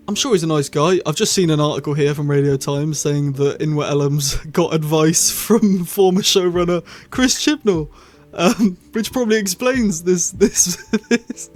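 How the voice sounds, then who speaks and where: A man talking casually in a solo review, rambling with self-corrections and apologetic asides. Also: a little high. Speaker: YouTube reviewer.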